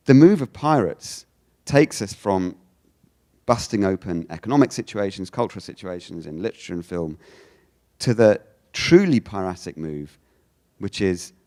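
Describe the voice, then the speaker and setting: A man from the United Kingdom giving a lecture, animated, often restarting his sentences and acting out quoted lines. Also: sits low, moderate pace. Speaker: speaker giving a talk.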